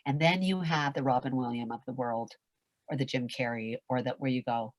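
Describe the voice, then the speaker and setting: An older woman, a veteran performer with an extremely low-pitched voice, tells a story fairly quickly in a podcast interview with no room sound. Dramatic and candid, she acts out voices, shouts in her anecdotes, and swears casually.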